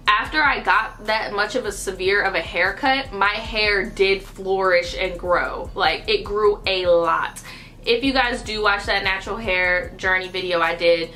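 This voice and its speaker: A woman's voice: mid-range voice, bright, forceful tone. A young woman telling a casual storytime vlog, chatty and loose, full of "like" and swearing. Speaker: vlogger.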